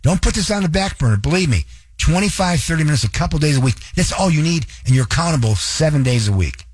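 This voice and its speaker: A man hosting a radio talk show, coaching listeners directly and spelling out details slowly. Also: fairly high pitch, expressive, slightly rough, dry recording.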